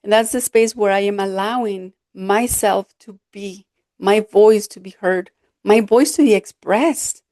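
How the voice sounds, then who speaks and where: A woman coach hosting her podcast, talking in an earnest, expressive way and acting out quoted remarks. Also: a little high, no room sound, clean studio sound. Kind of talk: reflective solo podcast talk.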